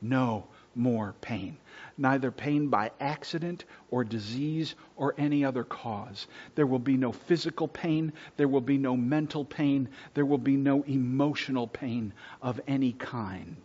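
A man preaching a sermon from the pulpit to his congregation, earnest, dropping to hushed near-whispers and rising on points of emphasis. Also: medium pitch, a little slow, hardly any pauses, lo-fi sound. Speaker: pastor. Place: church sanctuary.

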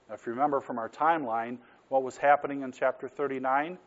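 Middle-aged male pastor, earnest conversational sermon, mid pitch, muffled lo-fi recording. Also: fairly even intonation, fairly quick, hardly any pauses. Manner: earnest, conversational preaching with rhetorical questions.

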